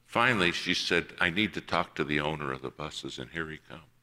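Male preacher, low and forceful, telling a story from the pulpit and playing each voice in it. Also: brisk. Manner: acts out quoted voices in a personal story. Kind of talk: sermon storytelling.

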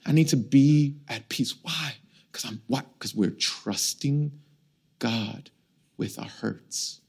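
A middle-aged man preaching a sermon as a pastor, with humorous, animated storytelling, self-mocking asides and questions to the congregation. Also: medium pitch, slow pace, gravelly, slightly rough. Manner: conversational, asks the congregation questions.

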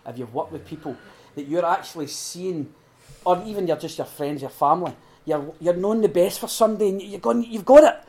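Man, middle-aged, earnest informal sermon, shifts between emphatic and hushed. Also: on the high side, a little fast. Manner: earnest and heartfelt, swinging from loud emphasis to hushed prayer. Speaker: speaker at a recovery retreat.

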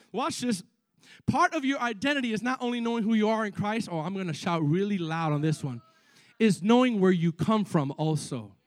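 A young male preacher with a very high voice delivers an energetic, excitable sermon, stammering through repeated words and turning often to address the congregation. The sound is close and dry, without any room echo.

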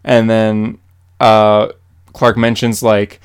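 Young male podcast co-host, smooth clear voice, easygoing chatty recaps. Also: mid-range voice, normal speed. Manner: animated, filler-heavy comic recaps. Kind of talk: casual chat.

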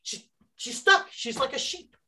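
A woman's voice: high voice, a little slow. A woman in casual chat telling a story with exasperated sarcasm, swearing and acting out both sides of an argument. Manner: animated, swears, acts out both sides of a dialogue. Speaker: storyteller on a talk show.

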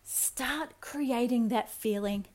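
A woman hosting a spiritual self-help podcast, speaking in a soft, earnest, coaxing way and slowing down for affirmations. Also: on the high side. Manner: addresses listener affectionately. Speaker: podcast host.

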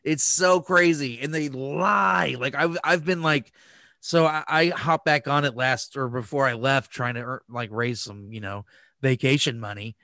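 Bright-voiced man telling a rambling story. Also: medium pitch, measured pace, no echo. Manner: profane, rambling with restarts. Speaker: podcast host. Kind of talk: casual storytelling chat.

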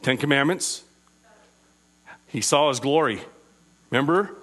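A man preaching an interactive sermon, asking his listeners questions and slowing down on key phrases. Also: mid-range voice, lively intonation, a bit bright, husky. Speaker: preacher teaching a group.

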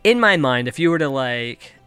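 Man from the US midwest, bright crisp voice, rambling profane comedy monologue, home basement. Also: mid-range voice, lively intonation, moderate pace, no room sound, soft background music. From United States (Kansas). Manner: rambling, profane, self-mocking. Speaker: podcast host.

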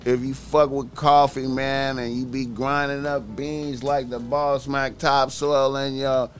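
Laid-back male podcaster, slow and swaggering, cursing freely, bragging about himself. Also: mid-range voice, little pitch movement, slight background noise. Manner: slow, profane, boastful, calls himself by nickname in third person. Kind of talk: casual solo podcast monologue.

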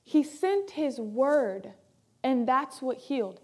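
Slowly but very animatedly, a woman pastor with a high voice preaches an emphatic sermon. Key phrases come back again and again, delivered sometimes loud and sometimes soft.

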